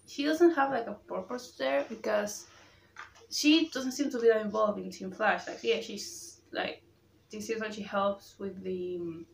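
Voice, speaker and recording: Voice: mid-range voice, gravelly, slight background noise. Rambling vlogger, roomy sound. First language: Spanish. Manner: rambling, restarts a lot, gets worked up when ranting. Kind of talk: casual opinion chat.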